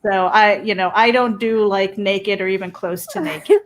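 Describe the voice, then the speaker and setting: A woman's voice: mid-range voice, expressive, normal speed, noisy background. A woman hosting a casual online interview talks in a loose, easygoing way. She drops in fillers and often restarts her sentences. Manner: casual, reads viewer comments aloud. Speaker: interview host.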